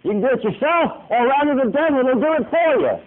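A man preacher voicing a sly male devil who coaxes and tempts with a pushy, wheedling sales pitch. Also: lively intonation, a little fast. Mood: coaxing. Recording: tinny phone-like radio broadcast.

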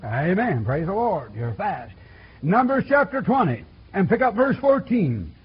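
A man delivers a folksy sermon, repeating himself and calling out to the congregation. His voice sits high and husky, rising and falling widely. The recording is dull and lo-fi, like an old church tape. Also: big pitch swings, a little slow. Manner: folksy, repetitive call-and-response preaching. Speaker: preacher.

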